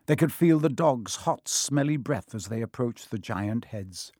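A man narrating a storybook audiobook in a measured, expressive reading. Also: lowish voice, no room sound, clean studio sound.

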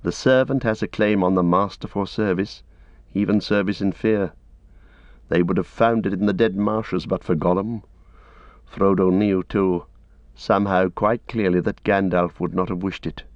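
This man reads a fantasy story aloud in a steady, measured way, his voice sitting low. The recording is dry and close but a bit dull and lo-fi. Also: dry recording. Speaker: audiobook reader. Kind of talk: scripted narration.

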